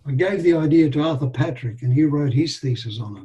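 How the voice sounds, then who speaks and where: An older man, telling animated anecdotes with quoted dialogue as an interview guest. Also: a little high, brisk, muffled recording. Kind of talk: storytelling in a casual interview.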